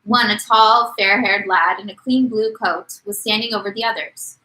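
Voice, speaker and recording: A woman's voice: medium pitch, fairly even intonation, moderate pace, pushed and bright, low-quality recording. A woman co-hosting a podcast, reading a novel aloud and acting out the quotes. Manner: reads with dramatic voices for quotes. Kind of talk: casual read-aloud podcast.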